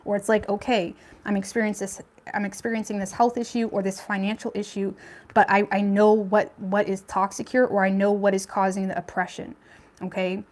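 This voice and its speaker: A woman's voice: mid-range voice, a little mellow. A young woman giving a casual tarot reading, talking in a chatty, blunt way with lots of fillers and some swearing. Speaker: tarot reader.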